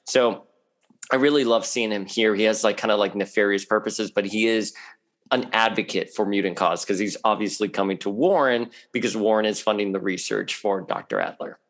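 A man talking as a guest on a podcast in a chatty, animated way, laughing often. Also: on the low side, fairly quick. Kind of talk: casual podcast chat.

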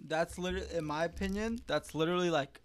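Young man with a smooth voice. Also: fairly high pitch, fast. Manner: animated, swearing, laughs often. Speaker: podcast co-host. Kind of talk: casual chat.

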